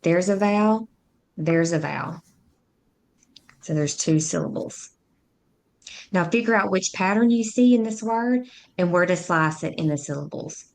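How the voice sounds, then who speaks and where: A woman with a slightly low, somewhat mellow voice leads a phonics lesson. Like a patient reading tutor, she speaks slowly and clearly, sounding out each syllable as she instructs.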